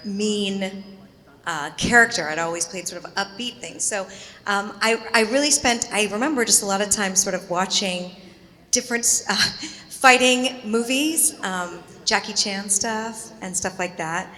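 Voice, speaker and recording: A woman on a convention panel speaking in a thoughtful, halting way with many fillers. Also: medium pitch, sharp tone. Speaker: panel guest. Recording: echoey convention hall.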